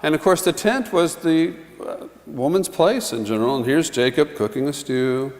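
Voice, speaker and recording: Pastor preaching in a reverberant church. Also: male voice, a little high, moderate pace, a little mellow. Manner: conversational, chuckling asides, acts out quotes. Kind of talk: sermon. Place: church sanctuary.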